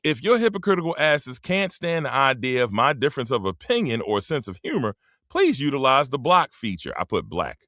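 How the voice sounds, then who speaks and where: A man's voice: mid-range voice, big pitch swings, brisk, bright, forceful tone, no echo, clean studio sound. A man around fifty, talking bluntly and profanely in a rambling casual monologue as a streamer, full of slang. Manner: drops into dialect slang.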